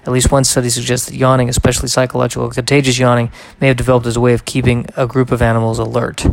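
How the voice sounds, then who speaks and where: Gravelly man rambling on a solo podcast. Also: mid-range voice, monotone, racing. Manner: rambling, reads aloud and digresses with wry asides. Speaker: podcast host. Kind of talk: solo casual podcast monologue.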